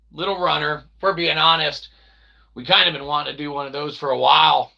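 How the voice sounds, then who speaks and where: A man hosting his own vlog, chatting casually and rambling, joking and breaking into loud exclamations. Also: a little high, creaky, slightly rough. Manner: animated, jokey, bursts of loud exclaiming. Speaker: independent developer and channel host.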